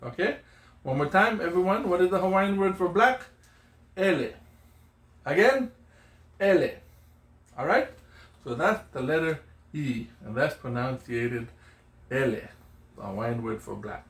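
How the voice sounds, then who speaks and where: A middle-aged man teaching children Hawaiian pronunciation, patiently repeating each word and checking in with "okay?" and "yeah?". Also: sits high. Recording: echoey room.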